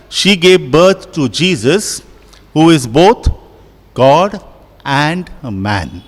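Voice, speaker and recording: A man, a priest preaching a homily in a slow, deliberate way with emphatic pauses. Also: on the high side. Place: large church. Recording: long church reverb.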